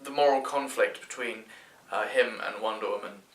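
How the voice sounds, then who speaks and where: A man's voice: lowish voice, fairly even intonation, moderate pace, fairly bright tone. A man with a British accent giving a rambling, chatty movie review, full of fillers and restarts. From Britain. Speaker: film reviewer. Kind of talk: casual spoken movie review. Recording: echoey room.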